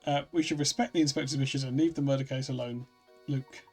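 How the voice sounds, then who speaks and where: A man voicing a calm, polite gentleman professor as he reads game dialogue aloud in a measured, courteous way. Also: medium pitch, breathy edge, faint music behind, close to an everyday voice. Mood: composed.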